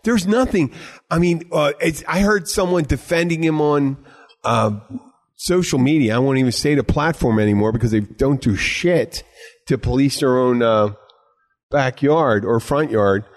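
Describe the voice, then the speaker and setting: A man's voice: mid-range voice, moderate pace. Male podcast host, rambling and emphatic, restarts often and swears freely, casual chat.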